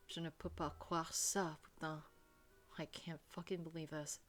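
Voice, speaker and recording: A woman's voice: mid-range voice, lively intonation, normal speed, soft background music, close to an everyday voice. Woman playing a French young man, exasperated, scolds under his breath; French accent; game read-through.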